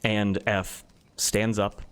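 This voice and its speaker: A male game master with a low voice narrates a tabletop game. He describes each scene in a relaxed way and often pauses on fillers. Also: clear, resonant tone.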